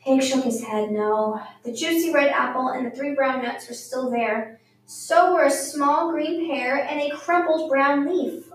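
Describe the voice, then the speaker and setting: A woman reading a picture book aloud for children at storytime in a lively, expressive way. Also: high-pitched, unhurried, slight background noise. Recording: very echoey room, mic far off.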